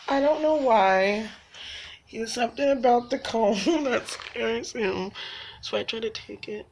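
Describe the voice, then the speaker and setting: At home indoors, a woman films her cats for a casual video, coaxing them in baby talk and laughing often. Her higher voice is gravelly and a little mellow, with slight background noise.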